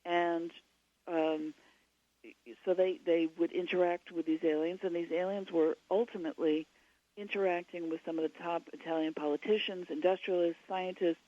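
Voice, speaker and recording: A woman's voice: fairly low pitch, fairly even intonation, normal speed. A woman guest talking casually in a radio interview, chatty and full of restarts, heard over a remote line. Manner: chatty, many fillers and restarts. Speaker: guest author. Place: at home. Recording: slightly dull lo-fi line.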